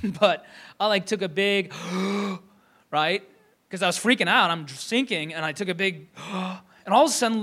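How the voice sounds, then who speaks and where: A man's voice: fairly high pitch, pushed and bright. A young man from Michigan preaching a conversational sermon, with many fillers and restarts. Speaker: pastor.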